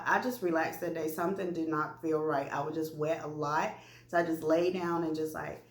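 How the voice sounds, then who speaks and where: A woman's voice: lowish voice, roomy sound. A woman vlogger telling a personal story candidly and animatedly, talking straight to her viewers. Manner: animated, chatty, addresses viewers directly.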